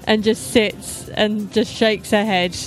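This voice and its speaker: A woman's voice: mid-range voice, steady tone, takes it slowly, soft background music, poor audio. A woman playing in a tabletop game, describing her character's actions in a dry, matter-of-fact way. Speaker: player. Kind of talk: casual tabletop game chat.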